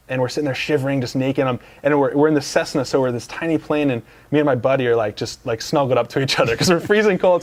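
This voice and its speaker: Fast-talking man telling a story. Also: a little high, a little mellow. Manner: rambling, filler-heavy anecdote telling. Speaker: guest. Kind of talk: casual storytelling interview. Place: dealership lounge couch.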